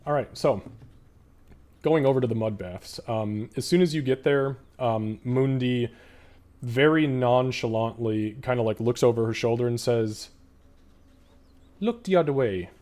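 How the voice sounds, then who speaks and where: A man narrating a tabletop game as game master in a relaxed, filler-heavy way. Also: medium pitch, a little slow. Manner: relaxed, many fillers, laughs.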